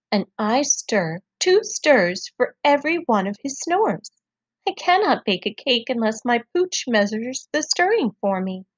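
A woman's voice: fairly high pitch, no echo. A woman voicing an insistent, fussy baker woman in a folktale read-aloud.

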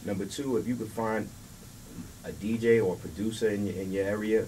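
A low-pitched man talks in a relaxed, easygoing way as an interview guest, often restarting his sentences. He sits a little back from the microphone, and faint background noise runs under his voice. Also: brisk, recorded from a distance, rough recording. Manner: laid-back, repeats words, street slang. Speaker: record label guest. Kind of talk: casual interview chat.

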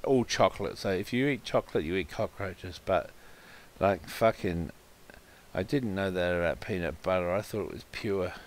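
Slow-talking swearing man reading fun facts. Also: lowish voice. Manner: crude, swearing, loud laughing outbursts. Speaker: gamer reading random facts. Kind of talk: casual chat while waiting for a match.

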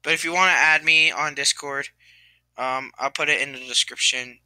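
A young man vlogging to camera while crying, halting and sighing, trailing off with many restarts. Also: mid-range voice, fairly even intonation, sharp tone, clean tone, dry recording. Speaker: gaming YouTuber. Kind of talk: tearful apology vlog to camera.

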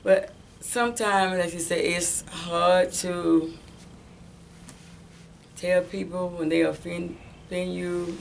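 A woman in a church class explaining herself haltingly, repeating words as she searches for them. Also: on the low side, fairly even intonation, creaky, a little hiss or hum. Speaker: class member. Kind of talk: sharing in a church class discussion.

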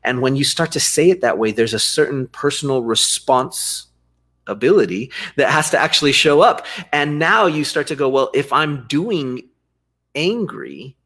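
A man being interviewed as a dance and life coach, speaking in an animated, expressive way, laughing often and acting out inner dialogue. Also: medium pitch, normal speed. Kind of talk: conversational interview.

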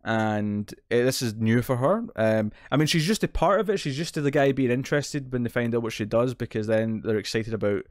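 A man's voice: medium pitch, a little fast, hardly any pauses, darkish tone, dry recording, clean studio sound. A British man co-hosting a TV recap podcast, retelling plot details in a rambling, casual way with many restarts. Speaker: podcast co-host.

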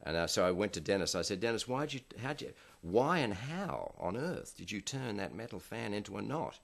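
An older man with a very low voice tells stories from a film shoot in an interview. He keeps a dry, anecdotal delivery and acts out the people he quotes. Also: big pitch swings, brisk, gravelly. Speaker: film director.

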